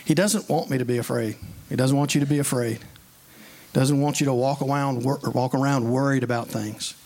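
A man delivers a sermon from the pulpit. His voice sits at an ordinary middle pitch, and he talks in an earnest, conversational way. He moves easily between scripture and homely stories from his own life. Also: steady tone, a little fast, a little mellow. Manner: earnest, conversational preaching with plain everyday stories. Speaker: preacher.

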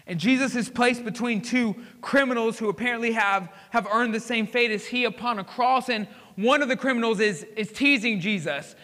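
High bright preacher in a big hall. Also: male voice, normal speed, few pauses. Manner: dramatic storytelling, swinging from hushed to emphatic. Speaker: pastor. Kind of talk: sermon. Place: church sanctuary.

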